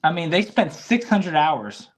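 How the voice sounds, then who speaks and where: A man co-hosting a casual sports podcast, excitable and reacting out loud as he talks. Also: a little high, a little slow, slight background noise. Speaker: podcast co-host.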